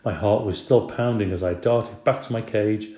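Male audiobook narrator, low mellow voice, gently expressive, echoey room. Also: normal speed. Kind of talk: scripted narration. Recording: roomy echo.

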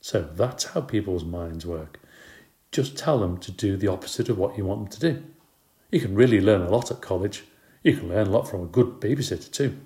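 Low-voiced man reading a storybook. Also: brisk, roomy sound. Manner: lively, expressive reading. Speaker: narrator. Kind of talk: storybook narration.

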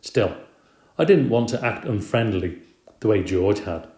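A man reading aloud, voicing a small cheerful classroom pet hamster with squeaky, excited exclamations. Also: a little slow. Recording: roomy echo.

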